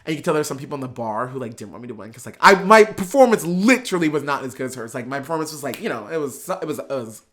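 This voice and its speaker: Excitable man telling a story, lively pitch. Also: racing, hardly any pauses. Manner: excitable, gushing, full of fillers. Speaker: podcast guest, drag performer. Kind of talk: casual storytelling.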